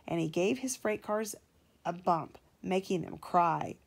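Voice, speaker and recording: A woman, a mother, reading a children's storybook aloud to her child in a gentle, measured way. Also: fairly low pitch, animated, creaky.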